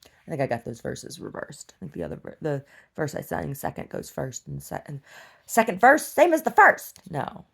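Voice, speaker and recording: A woman's voice: a bass voice, expressive, fairly quick, gravelly, darkish tone, husky. A woman vlogger rambling to herself in a casual video diary.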